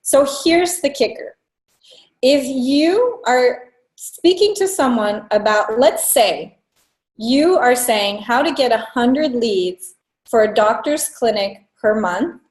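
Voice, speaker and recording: A woman's voice: a little high, roomy sound, poor audio. Blunt, swearing woman business coach. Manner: blunt, swears freely, fast asides. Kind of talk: casual coaching talk to students.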